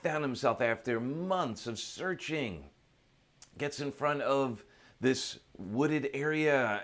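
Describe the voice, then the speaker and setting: A man giving a conversational, reflective motivational talk built around a story. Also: medium pitch. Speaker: motivational speaker.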